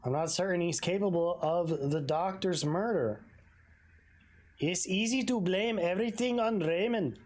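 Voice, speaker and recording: A woman reading the lines of a skeptical male detective in a video game, in a low, unhurried voice close to her own. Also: darkish tone. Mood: probing. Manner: questioning, skeptical. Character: probing male detective, the player character.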